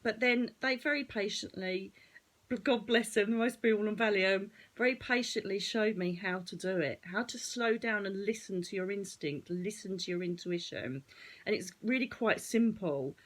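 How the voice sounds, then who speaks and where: A woman with an Essex accent, a psychic medium hosting her own channel, giving chatty spiritual advice straight to her viewers with a slightly croaky voice. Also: mid-range voice, moderate pace. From Essex, England. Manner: chatty, digressing, addresses viewers directly. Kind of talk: casual spiritual advice talk to camera.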